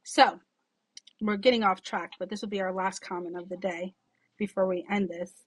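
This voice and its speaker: A young woman who runs a salon, chatting casually on a podcast in a sarcastic, animated way and swearing freely. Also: medium pitch, moderate pace, slightly rough, dry recording. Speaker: salon owner and boss.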